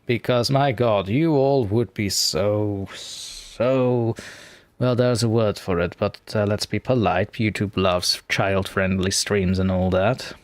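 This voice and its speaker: A man chatting casually on a live stream, rambling and poking fun at himself as he fumbles with his software. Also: on the low side, fairly even intonation, takes it slowly, no room sound. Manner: rambling, self-mocking, talks to himself while fiddling with software.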